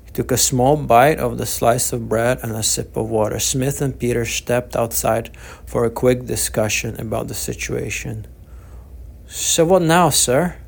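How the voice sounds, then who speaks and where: A man reading his own novel aloud as the author, narrating in a steady, measured way. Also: mid-range voice, vocal fry, breathy edge. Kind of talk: audiobook narration.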